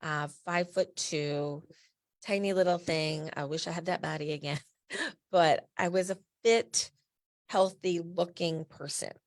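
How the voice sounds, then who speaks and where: A woman's voice: fairly low pitch, measured pace. A middle-aged woman from New Jersey, a patient advocate and founder, tells a personal story in a candid, emphatic way with blunt asides.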